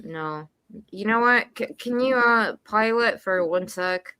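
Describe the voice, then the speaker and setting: A woman's voice: mid-range voice, a little slow, pushed and bright, clean tone, no room sound. A woman hosting a casual livestream, laid-back and bluntly teasing. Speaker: livestream host.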